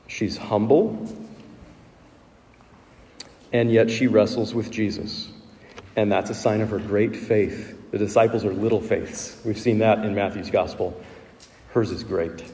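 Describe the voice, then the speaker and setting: A man's voice: lowish voice, fairly even intonation, measured pace, long pauses, dark tone, big-room sound. A man preaching a sermon as pastor, explaining the text in a conversational teaching way and posing rhetorical questions. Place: church sanctuary.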